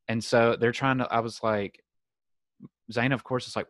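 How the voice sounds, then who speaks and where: A young man, hosting a podcast over a video call and telling a story in a casual, animated way. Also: medium pitch, moderate pace, pauses often, dry recording. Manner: animated storyteller, acts out quoted voices. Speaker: podcast host.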